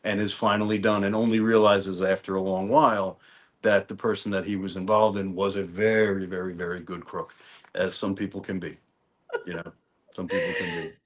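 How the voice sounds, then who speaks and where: A songwriter from New Orleans, Louisiana, this man's voice sits low and moves at normal speed. As a guest in a casual interview, he tells relaxed stories dotted with restarts and repeated words.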